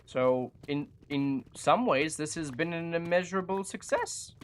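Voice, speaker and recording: A streamer talks through a building game in a loose, chatty live commentary, teasing themselves and the game along the way. The voice sits in a middle pitch and sounds close on a desk microphone. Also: expressive, a little slow. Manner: chatty, self-mocking and jokey. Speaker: gaming streamer. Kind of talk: casual live gameplay commentary.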